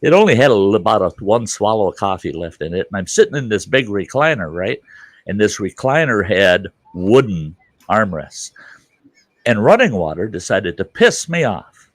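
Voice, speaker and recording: A man hosting a live stream, telling stories in casual chat, animated and swearing freely, laughing as he goes. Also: lowish voice, normal speed, no echo.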